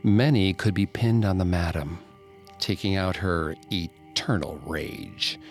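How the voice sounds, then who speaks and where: A man narrating a ghost story in a scripted, dramatic way, dropping to a hush at tense moments. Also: low voice, slow pace, faint music behind.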